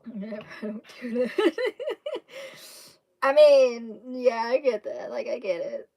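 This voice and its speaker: A young woman with a Southern accent chats with her live-stream viewers, rambling from one thought to the next. Her voice sits a little high, and she keeps breaking into giggles. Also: expressive, slow pace, mellow. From Kentucky, USA. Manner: giggly, rambling, laughs often. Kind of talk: casual chat with stream viewers.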